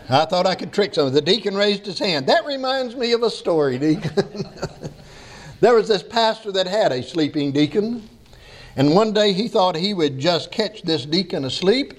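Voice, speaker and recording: A man preaching a sermon to his congregation, reading scripture and then joking with the people in a folksy way. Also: on the high side. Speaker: pastor. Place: church sanctuary.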